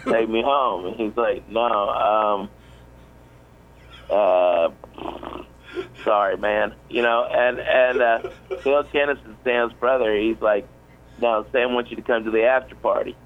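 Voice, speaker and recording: A man's voice: on the low side, steady tone, slow pace, long pauses, narrow, tinny audio, slight background noise. A man in his forties, a comedian, telling a rambling story on a radio show, full of fillers and restarts. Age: 40s. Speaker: comedian guest.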